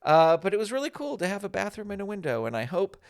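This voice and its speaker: Lively-voiced man telling a funny story. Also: sits high, fast, vocal fry, clean tone. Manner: animated, acts out the voices of others in his anecdotes. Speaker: podcast host. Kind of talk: casual storytelling.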